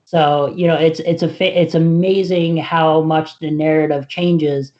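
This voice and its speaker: A co-host of a casual political talk show who speaks in a measured, thoughtful way with fillers. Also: medium pitch, steady tone, a little mellow, muffled recording.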